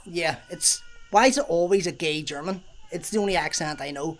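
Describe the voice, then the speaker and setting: A man with a slightly high voice walks outdoors through an abandoned park and chats to the camera as he goes. He swears casually, wonders aloud and breaks into exclamations. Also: fast talker, few pauses, fairly bright tone, a little hiss or hum. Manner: chatty, swears freely, thinks aloud with exclamations. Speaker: travel vlogger. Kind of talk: casual walking vlog commentary.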